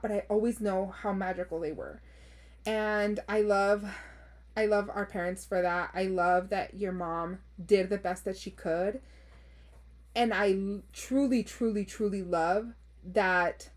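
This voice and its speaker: Young woman podcast host, mid-range voice, reads listener stories aloud and reacts with frank, profane, expressive asides and bits of Spanish. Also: medium pitch. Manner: expressive and blunt, swears freely, laughs often; code-switches into Spanish phrases. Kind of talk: reading listener stories aloud with casual commentary.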